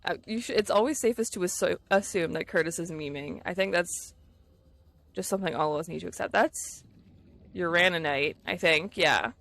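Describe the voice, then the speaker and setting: A woman's voice: on the low side, moderate pace, vocal fry, fairly bright tone. A woman streaming a video game, chatting casually and laughing easily with her viewers as she plays. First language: English. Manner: chatty, giggly, easily distracted. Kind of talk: casual gameplay chat with viewers.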